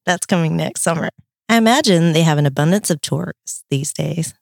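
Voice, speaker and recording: A woman's voice: low voice, normal speed, gravelly, no room sound, clean studio sound. A middle-aged woman co-hosting a podcast, teasing her partner and laughing often in casual chat. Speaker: podcast co-host.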